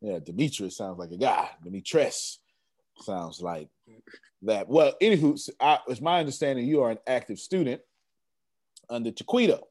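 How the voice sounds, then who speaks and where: A man's voice: mid-range voice, expressive, normal speed, darkish tone, dry recording. A man hosting a group video call, enthusiastic and emphatic, repeating his phrases and laughing often. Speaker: host of a coaching group call.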